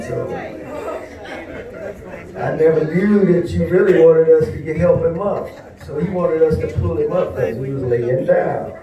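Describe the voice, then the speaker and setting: A man telling a personal story at a tribute, unhurried and folksy, with frequent pauses and fillers. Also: on the high side, music in the background, crowd noise. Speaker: speaker at a memorial tribute. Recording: roomy, distant mic, faint background noise.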